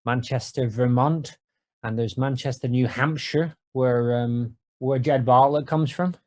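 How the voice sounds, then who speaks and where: A man co-hosting a podcast, wry and playful, reading out scene descriptions in a deadpan way. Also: medium pitch, unhurried. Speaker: podcast co-host.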